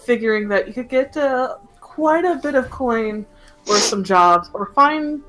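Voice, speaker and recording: A woman's voice: a little high, expressive, unhurried, fairly bright tone, faint music behind, rough recording. A young woman running a tabletop game as game master, chatting casually with many fillers.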